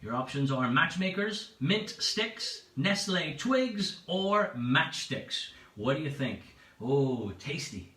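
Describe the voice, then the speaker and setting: A bright-voiced man hosts a home pub quiz, chatty and playful as he repeats each option. His pitch swings widely. He sits back from the mic in an echoey room. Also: sing-song, slow pace, hardly any pauses, distant mic. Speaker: quiz host. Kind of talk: livestream pub quiz hosting.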